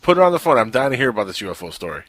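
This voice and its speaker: A man's voice: medium pitch, big pitch swings, a bit bright. A man hosting a radio talk show, joking with his callers. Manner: quick, joking banter. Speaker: radio host.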